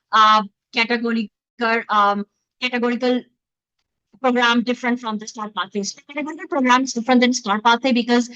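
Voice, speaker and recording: Fast-talking woman on a dull video call. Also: fairly high pitch, sharp tone, no echo. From Pakistan. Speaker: guest speaker, physician-scientist. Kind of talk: online webinar talk. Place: home, in the middle of moving. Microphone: computer mic, not close.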